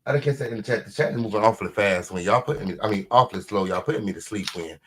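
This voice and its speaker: A man hosting a casual live commentary stream at home, sassy and full of repeated drawn-out catchphrases. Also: fairly low pitch, a bit bright. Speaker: livestream host.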